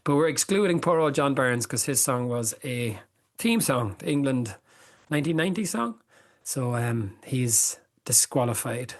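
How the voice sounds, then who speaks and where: A middle-aged man co-hosting a casual talk show. He speaks in a laid-back, dry manner, with his voice at an ordinary middle pitch. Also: expressive, moderate pace. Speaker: podcast co-host. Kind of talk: casual chat.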